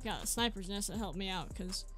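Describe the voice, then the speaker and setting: A woman hosting a gaming channel, giving casual, excitable commentary over gameplay and mocking her opponents. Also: mid-range voice, brisk, faint music behind. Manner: excitable, trash-talking opponents.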